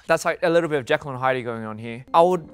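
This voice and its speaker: A man's voice: mid-range voice, a little fast, fairly bright tone, soft background music. A young man from Australia casually reading fan tweets aloud, playful and self-deprecating, often breaking into laughter.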